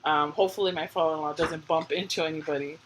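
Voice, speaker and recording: A woman's voice: low-pitched, fairly even intonation, fast, slight background noise, poor audio. A woman in her thirties hosting a live stream, telling family stories in a chatty, laughing way. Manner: chatty storytelling with frequent laughter. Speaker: livestream host. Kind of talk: casual chat.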